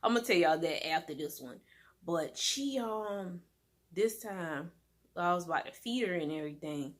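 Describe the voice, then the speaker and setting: Woman, casual storytime, rambling, animated, lots of fillers. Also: on the low side, normal speed. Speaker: vlogger.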